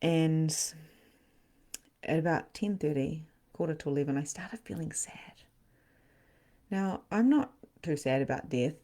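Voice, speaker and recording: A woman hosting a live online spiritual session, telling stories in a casual, animated way. She laughs often, swears for emphasis and acts out scenes, then turns quiet when she speaks of loss. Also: low voice, a little slow, long pauses. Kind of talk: casual storytelling to a live audience.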